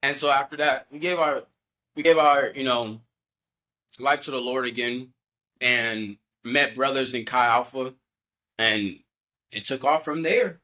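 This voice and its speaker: A man's voice: medium pitch, a little slow, long pauses, bright, forceful tone. A young man telling his faith testimony as a podcast guest in an earnest, loose way, full of casual fillers. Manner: earnest, loose, heavy on "you know" fillers.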